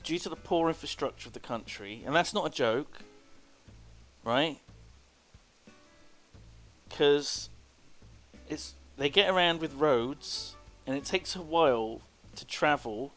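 A man's voice: a little high, slow pace, long pauses, fairly bright tone. A man streaming a video game, chatting and rambling casually with playful asides. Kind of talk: casual gameplay commentary. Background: faint game music.

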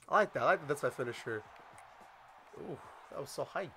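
A man commentating a wrestling video game as he plays, excitable and swearing, shouting at his opponent. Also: a little high, a little fast, pauses often, slightly rough. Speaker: gaming YouTuber. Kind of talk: let's play commentary.

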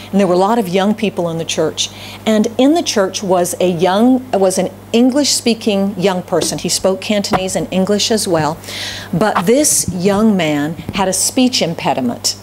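A woman's voice: medium pitch, darkish tone, slight background noise. A middle-aged woman pastor with a Southern US accent, preaching a sermon and telling stories, often repeating phrases for emphasis. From Southern United States.

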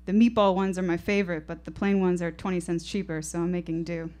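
A woman's voice: lowish voice, little pitch movement, fast, warm tone. A woman in her twenties telling a first-person story on stage, vivid and reflective. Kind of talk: live storytelling performance. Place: stage at a live show.

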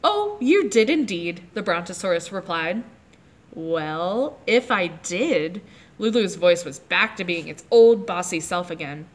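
A woman librarian reading a chapter book aloud to children, pausing to ask them about the pictures. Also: on the low side. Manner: animated, asks the kids questions about the pictures. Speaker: librarian leading children's story time.

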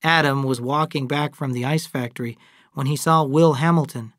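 A narrator reading an audiobook in a steady, even way. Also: mid-range voice, moderate pace, dry recording, studio quality.

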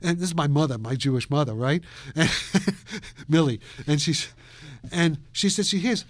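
Older man from new york, rambling animated interview stories, laughs a lot, dry room. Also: a little high, moderate pace, no echo. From New York, USA. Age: around 80. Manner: animated, laughs often, trails off and restarts. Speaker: interview guest, physicist.

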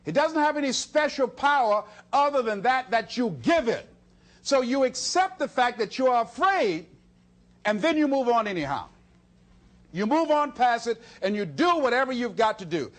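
A man's voice: very high-pitched, moderate pace. A man giving a motivational speech, telling stories with lots of energy and laughing often. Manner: animated storytelling, laughs often, talks to himself in acted quotes. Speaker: motivational speaker.

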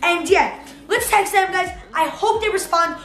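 Hyped kid YouTuber with a very high voice. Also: normal speed, fairly bright tone. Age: child. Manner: hyped, breathless, repeats "guys" and "oh my God". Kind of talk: excited vlog with a screen-recorded texting prank. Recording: roomy echo with faint background music.

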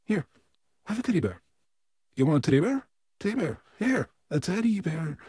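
A man doing a smug, husky evil puppet. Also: mid-range voice, warm tone, no room sound, clean studio sound. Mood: flustered. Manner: slow, drawn-out, theatrical delivery with smug laughs. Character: evil male puppet neighbor, smug, menacing, easily flustered. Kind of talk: fan audio role-play.

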